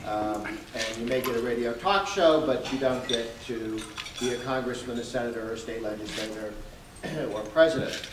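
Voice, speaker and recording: A male guest speaker from Massachusetts delivers a keynote with dry humor, halting on filler words. He is far from the microphone in an echoing banquet hall, with dishes and cutlery clinking throughout. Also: medium pitch, noisy background. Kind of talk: luncheon keynote speech. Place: banquet hall at a lunch event. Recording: roomy, distant mic with clinking dishes.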